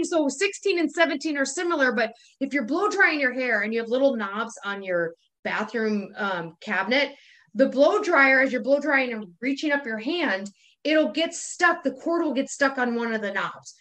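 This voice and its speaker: A woman co-hosting a podcast runs through her pet peeves in casual chat, with lots of profanity and laughter. Her voice sits high and sounds bright and forceful. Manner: profane, ranting, laughs often. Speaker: podcast co-host.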